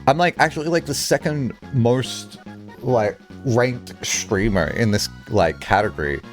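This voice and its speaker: A man livestreaming, chatting casually with his viewers in a lively, rambling way, swearing freely and filling his talk with "like". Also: mid-range voice, a little slow, soft background music. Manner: animated, chatty, swears casually, many "like" fillers. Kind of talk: casual livestream chat, answering chat.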